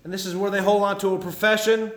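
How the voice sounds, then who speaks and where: A fiery pastor's high-pitched male voice rings through a spacious, echoing hall as he preaches a sermon at a quick pace with little pitch movement. He pleads and warns in a folksy drawl, and there's slight background noise.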